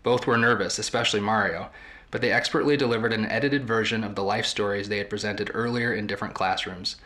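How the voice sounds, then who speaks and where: A podcast host reading a story aloud from a book in a measured, storytelling way. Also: male voice, lowish voice, fairly even intonation, bright, forceful tone.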